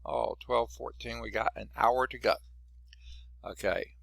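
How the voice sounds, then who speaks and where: Lecturing his math class, this man keeps things homey and talkative, firing questions at students and noting his voice is going. He speaks at a measured pace in a steady, gravelly mid-range voice without echo.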